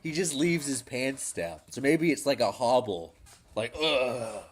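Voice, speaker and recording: A man talking in loose, crude banter with a lively, bouncing voice that rises and falls freely. He laughs often and swears a lot. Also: medium pitch, moderate pace, slight background noise. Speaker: podcast co-host.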